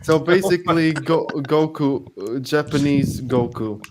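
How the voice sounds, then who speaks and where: A man's voice: on the high side, a little slow, noisy background. A man in a casual podcast chat, blunt and impatient.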